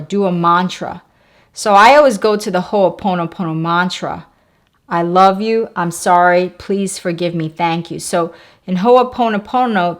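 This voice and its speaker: A woman hosting a wellness channel, giving calm step-by-step self-help advice to the viewer and repeating key phrases. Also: lowish voice. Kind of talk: self-help talk to camera.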